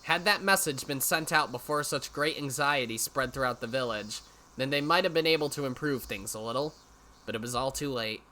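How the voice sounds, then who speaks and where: A man reads a visual novel aloud as a let's play host, his voice very bright and tight. He drops wry, sarcastic comments between the narration, over a faint background hum. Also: medium pitch, a little fast.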